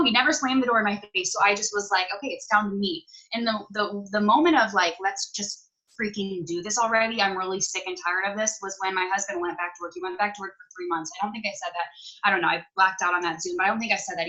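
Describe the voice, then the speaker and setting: Bright-voiced young woman, candid and emotional. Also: mid-range voice, poor audio. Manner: casual and emotional, many fillers and self-corrections. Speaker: guest. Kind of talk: candid personal story in a podcast interview.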